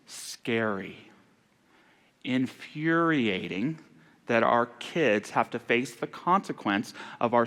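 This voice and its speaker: Male minister preaching in a reverberant church. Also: medium pitch. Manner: earnest, grows soft and hushed on sorrowful passages. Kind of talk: sermon. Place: church sanctuary. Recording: long hall reverb in a church.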